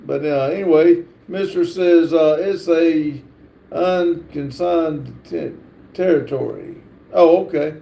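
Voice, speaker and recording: A man hosting a livestream, reading viewer comments aloud in a halting, stumbling way with lots of fillers. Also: fairly high pitch, gravelly, warm tone, echoey room. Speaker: livestream host reading chat. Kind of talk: casual live chat, reading comments aloud.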